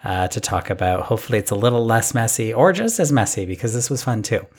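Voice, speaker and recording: A man with a fairly low voice hosts a casual podcast recap. He speaks in a loose, unhurried way, often pausing on fillers. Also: slightly rough. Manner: relaxed, hesitant with fillers. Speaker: podcast host.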